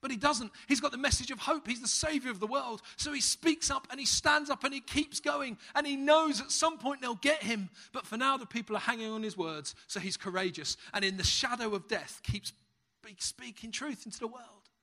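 A man's voice: very high voice, brisk. A man with a British accent preaching a sermon, telling stories with humour and animation. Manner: humorous, lively storyteller.

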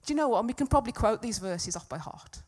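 A woman preaches a sermon in a church hall, speaking earnestly, rising to loud, emphatic peaks and then sinking back to a soft, confiding tone. Her voice sits a little high, with a breathy edge and lively intonation, and she speaks fast.

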